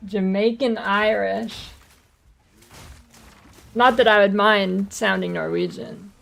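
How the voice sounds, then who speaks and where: A woman's voice: mid-range voice, fairly even intonation, slow pace, vocal fry, fairly bright tone. An American woman streaming a game, chatting casually in a rambling, blunt and often profane way. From United States. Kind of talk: casual gaming stream chat.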